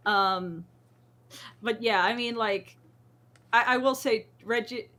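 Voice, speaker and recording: A woman's voice: fairly high pitch, takes it slowly, pushed and bright. A woman hosting a podcast in casual chat, a jokey, self-deprecating storyteller. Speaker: podcast host.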